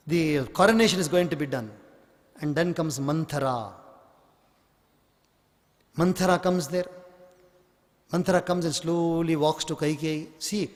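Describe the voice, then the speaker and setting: A man preaching a storytelling sermon, slow and emphatic. His voice is high for a man. It carries a long reverb from a large hall. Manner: slow, emphatic, acts out scenes. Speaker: spiritual teacher.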